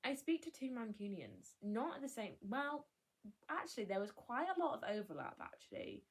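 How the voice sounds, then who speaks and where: A woman's voice: on the high side, big pitch swings, moderate pace, a little hiss or hum. A young woman vlogger chatting candidly, rambling and cutting herself off with laughs. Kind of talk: casual chat.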